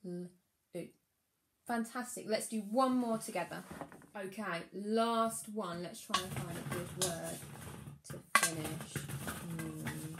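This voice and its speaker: Slow, encouraging woman teacher. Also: lowish voice, gravelly, reverberant, noisy background. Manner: slow, encouraging, sounding words out. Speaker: primary school teacher. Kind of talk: recorded phonics lesson for young children.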